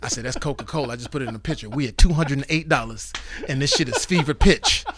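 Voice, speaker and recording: A man guest telling animated, profane stories in a casual interview, acting out the dialogue. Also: mid-range voice, fast, a little hiss or hum. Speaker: guest, comedian and actor.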